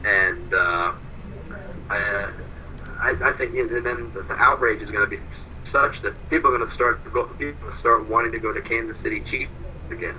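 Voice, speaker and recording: A man's voice: fairly low pitch, normal speed, dull audio, a little hiss or hum. A male guest on a college radio show, telling stories in a rambling, casual way with many restarts. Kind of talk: casual sports chat. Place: small college radio studio.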